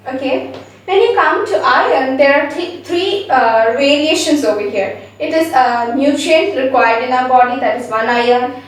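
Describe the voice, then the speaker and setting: High-voiced woman teaching pronunciation, echoey. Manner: repeats words slowly, often checks with "okay?". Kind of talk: spelled-out pronunciation lesson. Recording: very echoey room, mic far away.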